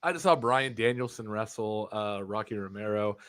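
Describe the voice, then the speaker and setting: A man's voice: lowish voice, normal speed, a bit bright. Young man rambling and swearing. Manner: profane, rambling storytelling, full of restarts. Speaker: guest, wrestling videographer. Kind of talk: casual chat.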